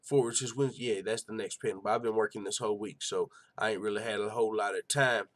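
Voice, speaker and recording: Speaking quickly in a lowish voice with fairly even intonation, the young MMA show host reads viewer comments on his live stream. He keeps it loose, slangy and profane, dropping "you know what I'm saying" again and again.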